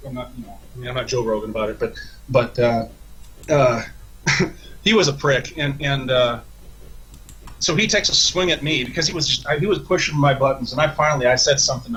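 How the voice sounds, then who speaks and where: A man's voice: mid-range voice, bright, forceful tone, husky, poor audio. A man, a podcast guest, telling a long, profane story in a rambling, casual way, with many restarts.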